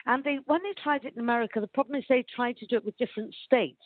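A woman from Wales, giving animated, opinionated commentary and laughing often, heard down a phone line. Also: on the high side, rapid-fire, dry recording. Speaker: guest commentator. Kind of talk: chatty phone interview.

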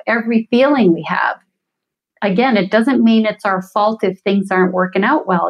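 Guest coach, woman, middle-aged, earnest and reflective, medium pitch. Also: rough recording. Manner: earnest, explanatory, self-reflective. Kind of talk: conversational interview.

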